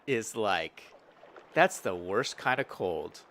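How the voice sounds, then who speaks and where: Young man, live-stream commentary, chatty and upbeat, animated voice. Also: mid-range voice, a little slow. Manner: chatty, upbeat, reads out chat messages.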